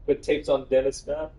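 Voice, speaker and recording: A man streaming a video game live, reacting excitably, swearing and shouting. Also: on the high side, slightly rough. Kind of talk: live gaming stream commentary.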